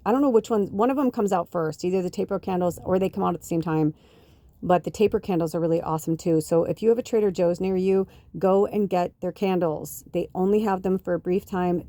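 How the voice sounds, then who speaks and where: Chatty woman with a mellow low voice. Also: dry recording. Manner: chatty, rambling, many "like" fillers, excitable re-enacted quotes. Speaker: podcast host and spiritual medium. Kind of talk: casual storytelling monologue.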